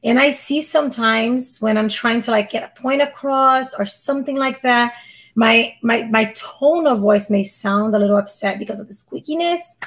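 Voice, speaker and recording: She has a squeaky, fairly high voice and rants in an exasperated, rambling way. She keeps restarting her sentences. It sounds like casual live reaction commentary from a streamer. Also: moderate pace, a bit bright.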